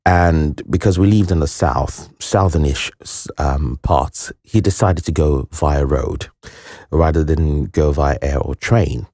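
Deep-voiced man telling his story. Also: a little mellow, no room sound. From Nigeria. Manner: earnest, reflective, halting with restarts. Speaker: interview guest. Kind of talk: personal storytelling.

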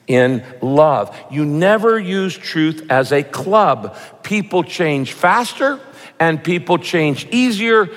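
A man's voice: fairly high pitch, lively intonation, slow, long reverb tail. A man preaching a sermon as a pastor, with punchy rhyming lines and mock voices for his examples.

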